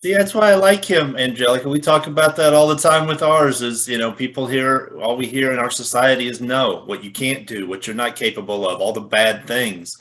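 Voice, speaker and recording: A man co-hosting an interview, earnest and appreciative, speaking with some halting restarts. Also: mid-range voice, a bit bright. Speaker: co-host. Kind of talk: casual interview chat.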